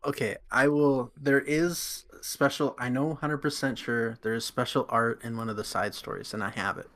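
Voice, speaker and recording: A man co-hosting a casual chat, answering in a calm, matter-of-fact way. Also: mid-range voice, moderate pace. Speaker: co-host.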